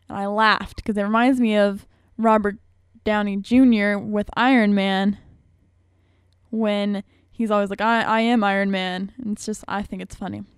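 A woman's voice: mid-range voice, darkish tone, clear, resonant tone, dry recording, studio quality. Chatty young woman radio host. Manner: rambling, chatty, self-mocking. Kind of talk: casual chat.

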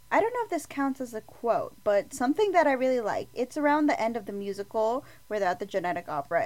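A woman co-hosting a podcast, talking excitedly about a film with lots of "like" fillers. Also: fairly high pitch. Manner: gushing and animated, many "like" fillers. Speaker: podcast co-host. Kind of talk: casual film review chat.

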